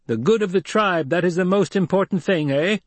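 A man voicing a young desert leader who speaks forcefully to a crowd, raised and commanding. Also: high-pitched, brisk, no echo, voice pushed up. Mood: dry.

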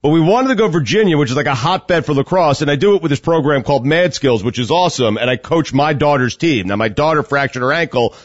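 A man's voice: fairly high pitch, quick pace, few pauses, no echo. A man co-hosting a radio show, emotionally telling a story about coaching his daughter's team, tearing up as he talks. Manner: choked up, storytelling with rising excitement. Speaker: co-host, youth lacrosse coach. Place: radio studio. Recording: dull radio studio sound, dry.

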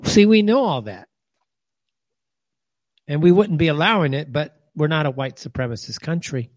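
A man's voice: fairly high pitch, lively intonation, normal speed, darkish tone, no echo, highs cut off. A man hosting a talk show in a ranting monologue, firing rhetorical questions at listeners and calling people names. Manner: scornful, name-calling.

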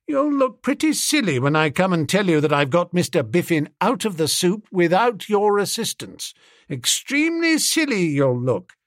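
A man voicing an impulsive young gentleman who talks in a chummy, excitable way. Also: a little high, moderate pace, breathy edge, no echo, clean studio sound, voice pushed up, full character voice. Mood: breezy.

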